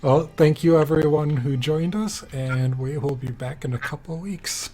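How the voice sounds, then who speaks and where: A man's voice: on the high side, warm tone. A man running a tabletop game as game master, speaking hesitantly and laughing often. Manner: slow, hesitant, with frequent laughs.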